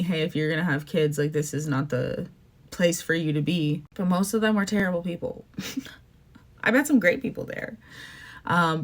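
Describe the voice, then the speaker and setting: A young woman from Canada talks fast and heatedly on her podcast, her voice sitting a little low. She jumps between thoughts, filling gaps with "like" and "um", and her feeling keeps breaking through. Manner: emotional, fast-shifting, says "like" and "um" often. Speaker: podcast host. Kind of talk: casual opinion rant.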